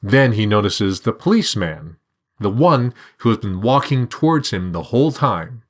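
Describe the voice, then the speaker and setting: A man reading a short story aloud in a measured, even storytelling manner. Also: lowish voice. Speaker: narrator. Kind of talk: scripted narration.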